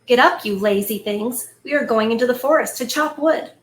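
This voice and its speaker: A woman's voice: fairly high pitch, normal speed, natural voice. A woman reading the lines of a cold, scheming stepmother in a fairy tale, in a curt, commanding manner. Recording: echoey room, faint ambience.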